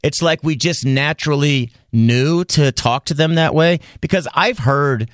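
A man with a slightly high voice hosts a studio talk show, chatty with frequent fillers and laughs. The sound is dry and close to the mic. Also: a little slow, no echo. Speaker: radio show host. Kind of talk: casual studio chat. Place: radio studio.

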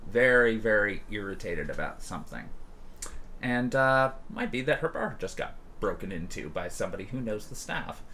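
A male game master narrates a tabletop scene in a relaxed, unhurried way, filling gaps with pauses. His pitch is middling and his delivery stays casual throughout. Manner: laid-back, loose, frequent "uh" pauses.

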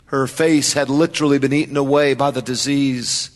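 A man's voice: mid-range voice, steady tone, normal speed, long reverb tail. A man preaching a sermon as pastor, emphatic, with repeated refrains and questions to the congregation.

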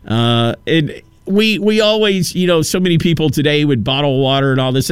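A man's voice: fairly high pitch, clear, resonant tone, no echo. A man hosting a radio talk show, rambling through stories and acting out quotes in a casual monologue. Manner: rambling, storytelling with acted-out quotes.

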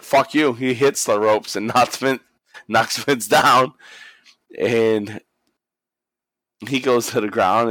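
Dude on a podcast telling a wrestling recap, swears a lot, dry close mic. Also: male voice, medium pitch, no echo. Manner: animated storytelling, profane, acts out quotes. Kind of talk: casual chat.

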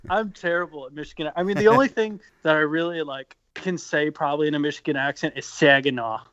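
A man's voice: fairly high pitch, quick pace, no room sound. A man who plays in a band, chatting as a guest in a rambling way with lots of fillers and frequent laughter. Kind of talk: casual interview chat. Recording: dull lo-fi sound.

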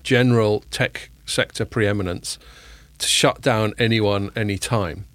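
A man hosting a casual tech podcast, joking with quick asides and plenty of fillers. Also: lowish voice, a bit bright, dry recording. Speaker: podcast host.

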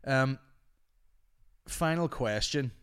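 A man's voice: mid-range voice, drawn-out words, fairly bright tone, clear, resonant tone. A man, a comedian hosting a podcast, chatting casually and rambling through listener questions with lots of swearing. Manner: swears freely, rambling, sardonic. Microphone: studio microphone.

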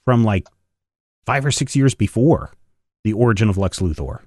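A man co-hosting a podcast, chatting casually about comics in an animated way. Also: fairly low pitch, moderate pace, dry recording, clean studio sound. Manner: animated, acts out quoted lines in funny voices. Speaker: podcast co-host.

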